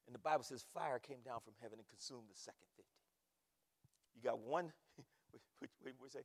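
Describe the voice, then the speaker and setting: A man preaching a sermon from the pulpit, repeating words emphatically and rising to shouts. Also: mid-range voice, fairly quick, in a large hall. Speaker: pastor. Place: church sanctuary.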